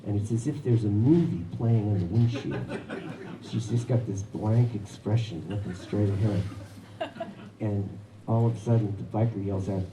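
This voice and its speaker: A man's voice: fairly low pitch, normal speed, distant mic, crowd noise. A man telling a personal story at a live story hour, wry and chuckling often. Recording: echoey room with background noise.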